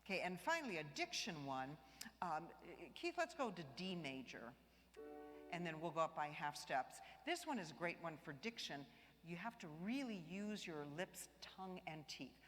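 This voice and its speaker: A woman choir director leading a live vocal warm-up workshop, demonstrating exercises by singing and encouraging the group with light jokes. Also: lowish voice, very animated, moderate pace, soft background music. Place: large church. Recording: long church reverb.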